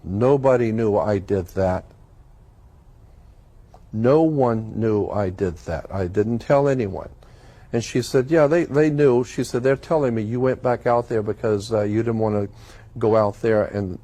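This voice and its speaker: A man's voice: fairly low pitch, mellow. A man as an interview guest, earnestly recounting a personal experience and acting out the dialogue. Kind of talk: personal storytelling in conversation.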